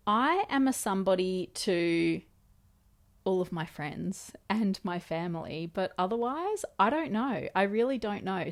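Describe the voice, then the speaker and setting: A woman in her thirties with an Australian accent, chatting casually and telling a story to the camera with lots of fillers. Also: on the low side. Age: 30s. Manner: chatty, lots of fillers, quoting others in conversation. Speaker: vlogger.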